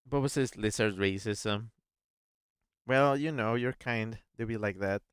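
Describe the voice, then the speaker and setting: A man hosting a casual game stream, reading chat aloud and thinking out loud in a playful, chatty way. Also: on the low side, measured pace, clear, resonant tone, dry recording, clean studio sound. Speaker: gaming streamer, host.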